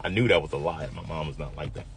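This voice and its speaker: A man's voice: very deep voice, fast talker, a little hiss or hum. A man in his fifties from the US Midwest, telling a personal story vividly and acting out the quoted voices.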